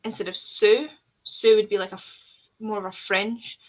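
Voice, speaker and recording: A Scottish woman hosting a casual reading livestream, chatty and self-deprecating, quick to laugh at herself. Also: medium pitch, fairly even intonation. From Scotland. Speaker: host of a reading sprint livestream. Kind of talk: casual chat.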